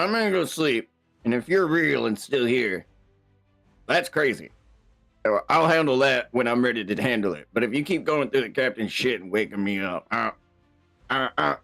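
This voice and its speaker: A man playing in a tabletop role-playing game, excitable and loud in casual banter. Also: fairly low pitch, creaky. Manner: loud, excitable, shouts and laughs often. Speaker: player.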